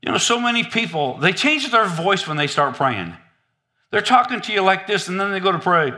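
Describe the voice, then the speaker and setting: A man preaching a sermon in an animated, humorous, conversational way. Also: high-pitched, normal speed.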